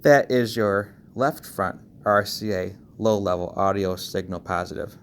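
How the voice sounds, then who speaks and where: A man giving a casual how-to walkthrough on car audio wiring, talking quickly and checking in with frequent "okay"s. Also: fairly low pitch, a little hiss or hum. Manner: talks fast, checks in with frequent okays.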